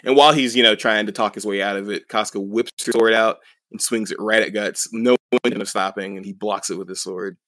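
A man's voice: on the low side, steady tone, fairly quick, fairly bright tone, no room sound. A young man co-hosting a podcast, casually recapping a story in a rambling way with many fillers and chuckles. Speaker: podcast co-host.

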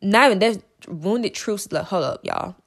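A young woman hosting a podcast, talking fast and emphatically in a monologue, repeating herself and stumbling over words. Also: mid-range voice, expressive. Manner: emphatic and repetitive, fast with stutters. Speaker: podcast host.

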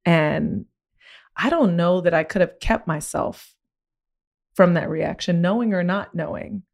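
A young woman with a slightly low voice hosts a podcast and tells a personal story in open, candid conversation. She talks expressively and becomes animated as she relives the moment, leaning on "like" as she goes. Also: unhurried, creaky. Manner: animated, expressive retelling with frequent "like". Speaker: podcast host.

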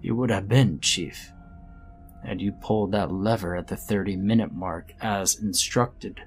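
A smug, cruel professor speaks in a low, cold, condescending tone, as a man narrating a horror story puts him on. The voice stays hushed and deliberate, never raised. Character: smug cruel male professor, middle-aged.

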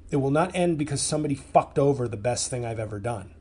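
A man hosting his own comedy podcast, venting in a long angry rant. He swears constantly and trips over his words. His pitch sits in a middle range, and he jumps between loud outbursts and quieter, bitter muttering. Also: lively intonation, fast talker, husky. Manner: angry, profane ranting with stumbles.

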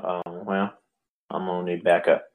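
A man's voice: deep voice, level tone, moderate pace, rough recording. A man playing in a tabletop game, chatting casually and laughing playfully. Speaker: player.

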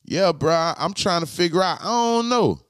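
A man hosting a podcast, talking to his live chat in a slangy, profane way and repeating his points slowly. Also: high voice, lively intonation, a bit bright, clean tone, no echo, clean studio sound. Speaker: podcast host. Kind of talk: casual live-stream chat.

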